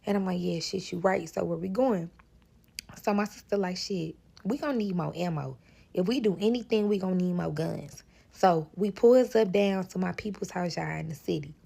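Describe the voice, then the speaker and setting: Gravelly St. woman telling a storytime. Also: on the low side, normal speed. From St. Louis, Missouri. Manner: animated, profane, keeps addressing listeners as y'all. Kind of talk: serialized storytime recap.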